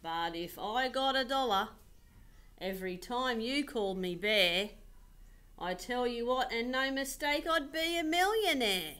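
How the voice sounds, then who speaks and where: A woman's voice: fairly high pitch, animated, unhurried, fairly bright tone, clear, resonant tone. A woman voicing a grumpy, fed-up male koala who rants in rhyme in a storybook reading. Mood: indignant. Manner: indignant, ranting in rhyme.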